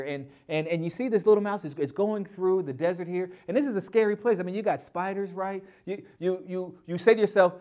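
A man preaching a Bible lesson in an energetic, emphatic way, often repeating words as he starts a phrase. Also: sits high. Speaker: pastor teaching a Bible lesson. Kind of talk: sermon.

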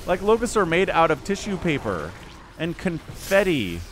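A man doing video game commentary, animated and incredulous, laughing often and turning sarcastic. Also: fairly high pitch, normal speed, a little hiss or hum. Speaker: game caster.

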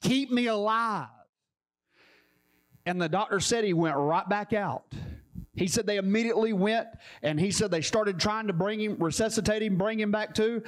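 A high-voiced man preaches a sermon as a pastor. He tells a story and drives each point home by repeating his phrases. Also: fairly quick. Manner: emphatic, repetitive storytelling.

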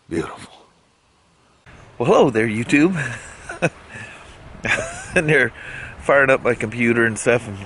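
A man talking casually in a daily vlog, relaxed and rambling, often chuckling. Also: lowish voice, slight background noise. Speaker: vlogger. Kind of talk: casual chat. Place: driving home, then at home outdoors.

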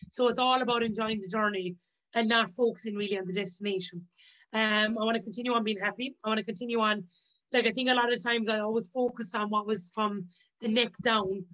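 A woman's voice: medium pitch, a bit bright, low-quality recording. A woman as a podcast guest, talking casually and heartfelt, acting out what people said to her. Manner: upbeat, heartfelt, acts out quoted speech. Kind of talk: casual interview chat.

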